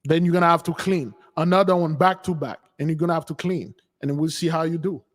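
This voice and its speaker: Speaking fast with fairly even intonation, this man has a fairly high pitch. He's a spiritual teacher delivering an informal, sermon-like talk, hammering his points through emphasis and repetition, captured with long hall reverb.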